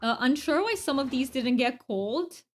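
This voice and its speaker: A woman's voice: high voice, animated, moderate pace. A young woman streaming a cozy game from home, chatting and giggling as she plays. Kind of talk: casual chat while gaming.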